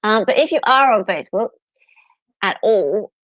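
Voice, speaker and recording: Middle-aged Australian woman, casual live-chat host, chatty and giggly, mid-pitched, recorded on a dull home mic. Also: expressive, normal speed, no room sound. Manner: chatty and giggly, greeting viewers. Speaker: livestream host. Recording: slightly dull lo-fi audio.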